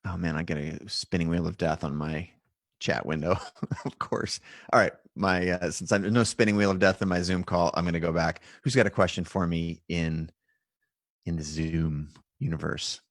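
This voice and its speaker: A man's voice: deep voice, steady tone, normal speed, dry recording, clean studio sound. A man hosting a live-stream Q&A, talking casually and encouragingly to his viewers and callers. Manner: encouraging, loose and conversational. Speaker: host of a live video Q&A. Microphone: live-stream setup with video call.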